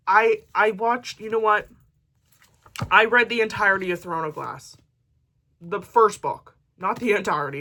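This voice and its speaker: Bright-voiced joking woman book vlogger. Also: mid-range voice, normal speed. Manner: jokey, chatty asides while reading synopses aloud. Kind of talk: casual chat to camera.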